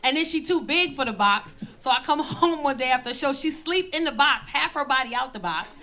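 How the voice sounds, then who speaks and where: This stand-up comedian, a woman in her 40s, speaks fairly quickly in a loud, high voice, punctuating animated stories with shouted punchlines. Recorded live at a comedy club, it has the crowd laughing throughout.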